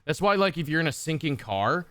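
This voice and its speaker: A man's voice: fairly high pitch, lively intonation, brisk, sharp tone, no room sound. A man streaming a game, rambling and swearing casually with many fillers.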